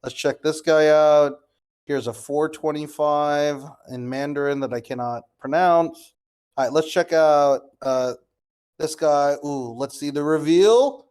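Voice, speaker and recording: Excitable young man, crypto streamer. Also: a little high, a little slow, clear, resonant tone. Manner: incredulous, excitable, swearing, addresses viewers as guys. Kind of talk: live screen-share commentary.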